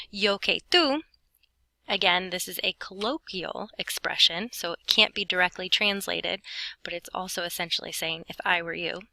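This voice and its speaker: A woman's voice: medium pitch, pushed and bright, dry recording, poor audio. A young adult woman giving a recorded Spanish lesson, explaining grammar in a chatty way with playful asides. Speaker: Spanish teacher. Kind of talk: recorded lesson narration over notes.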